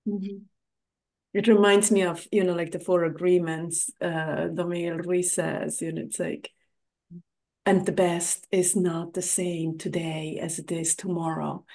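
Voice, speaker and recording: A woman's voice: lowish voice, little pitch movement, a little slow, vocal fry, mellow. A woman hosting a podcast in a casual interview chat, affirming her guest and often tagging "right?". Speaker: podcast host.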